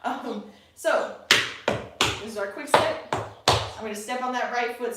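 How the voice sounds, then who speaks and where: A woman's voice: fairly high pitch, steady tone, unhurried, pauses often, heavy background noise. A woman teaching an online tap dance class from home, chatty, counting beats aloud and often checking in with her students. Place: home room by a window, birds outside. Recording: echoey room, distant mic, loud tapping. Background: tap sounds and birdsong.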